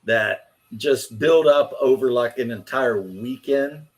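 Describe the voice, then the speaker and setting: A man's voice: medium pitch, takes it slowly. A man in his fifties hosting a casual chat, telling stories bluntly with profanity. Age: 50s. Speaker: host.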